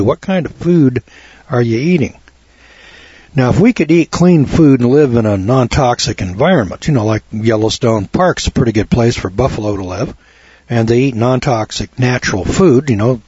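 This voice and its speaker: Folksy man lecturing, husky and dull. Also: mid-range voice, darkish tone, no room sound. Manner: rambling, folksy, acts out quoted dialogue. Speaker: health lecturer. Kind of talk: folksy talk to an audience. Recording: dull lo-fi sound.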